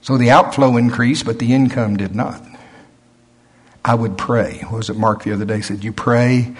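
A man's voice: medium pitch, fairly even intonation, normal speed, husky. An older man preaching a sermon, telling stories in a folksy way and acting out the voices of others.

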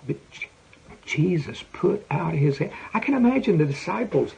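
A man preaching a folksy, animated sermon as pastor, with emphatic repetition. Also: fairly high pitch, normal speed, gravelly, husky, muffled recording. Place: prayer center.

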